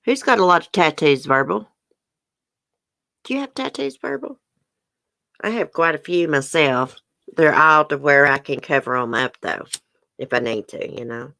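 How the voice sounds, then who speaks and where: A middle-aged woman with a broad Southern US accent chats casually with her viewers on a livestream, laughing easily and tossing in "y'all." Her voice sits low for a woman. The sound is dry and close, with no room around it. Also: moderate pace, pushed and bright, dry recording. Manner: chatty, laughs often, says y'all. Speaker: livestream host. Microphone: webcam or phone close up.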